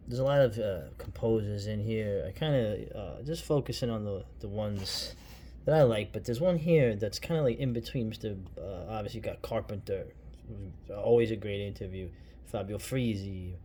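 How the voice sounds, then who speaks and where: A man's voice: on the low side, darkish tone, slight background noise. A man reviewing a book in a casual vlog, rambling with many fillers, asides and "right?" tags, and now and then swearing or saying "dude".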